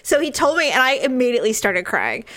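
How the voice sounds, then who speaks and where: Woman podcast co-host, slightly high voice, chatty, quick to laugh and tear up. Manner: chatty, laughs often, animated storytelling; gets emotional, choked up while reading. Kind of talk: casual chat.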